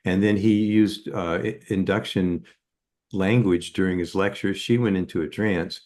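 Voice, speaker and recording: A man's voice: sits low, steady tone, unhurried, darkish tone. An older man, a psychotherapist, telling stories in an interview with many fillers and restarts. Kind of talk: anecdotal storytelling in an interview.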